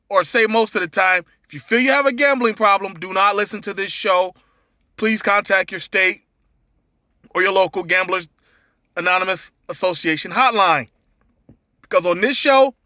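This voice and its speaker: A man with a high, bright voice hosts a sports betting show, running through the day's picks in a casual monologue. He rambles, trips over names and restarts his sentences. His voice comes across dry and close, with no room sound. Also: no room sound. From Cincinnati area. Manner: loose, rambling, with many fillers and restarts. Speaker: sports betting podcast host.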